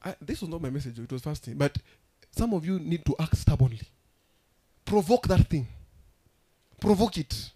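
A man preaching a sermon as pastor, emphatic and rousing, with sudden loud outbursts. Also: a little high, very animated, normal speed, pauses often, breathy edge.

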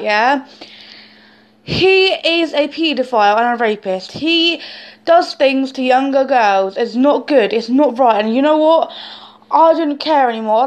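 A young woman speaking to camera in an emotional personal monologue, intense and emphatic, often swearing and ending points with "yeah?". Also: sits high. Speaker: vlogger.

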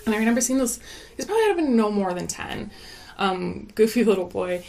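A woman's voice: medium pitch, very animated, brisk, gravelly, darkish tone. A young woman, a mom, chatting casually on a podcast, telling stories animatedly and laughing often. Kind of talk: casual chat, storytelling.

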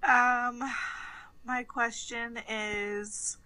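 A woman's voice: a little high, little pitch movement, drawn-out words, bright, forceful tone, clean tone, no echo, rough recording. A woman guest on a podcast, chatting casually and easygoing with some slang.

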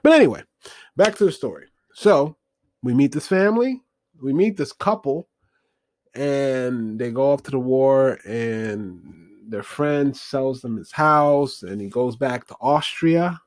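A man's voice: medium pitch, slow pace, no room sound. A man rambling through a casual movie review, hesitant and full of fillers as he looks things up while talking.

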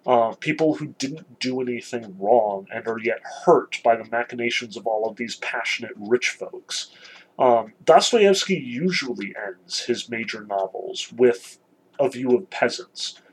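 A man's voice: medium pitch, expressive, measured pace, breathy edge, rough recording. A man giving a conversational literature lecture, explaining with frequent "um" and "you know".

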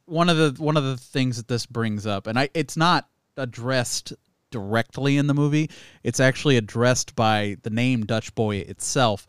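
A man's voice: mid-range voice, moderate pace, smooth, no room sound, clean studio sound. A man co-hosting a movie podcast, speaking thoughtfully in casual chat and laughing along. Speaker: podcast co-host.

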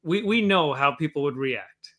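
A man's voice: a little high, animated, moderate pace, sharp tone. A man in a casual chat, earnestly explaining his point.

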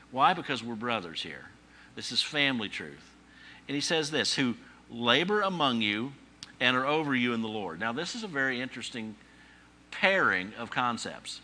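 A man delivers a sermon in a bright, ringing voice of ordinary pitch for a man. He teaches conversationally, with rhetorical questions and dry humor, and he punches repeated phrases for emphasis. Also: very animated, moderate pace. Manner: emphatic repetition, rising on key phrases. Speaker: pastor.

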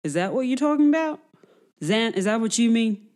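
A woman's voice: on the high side, animated, a little fast, a little mellow. A woman playing a tabletop game with sarcastic remarks. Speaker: player.

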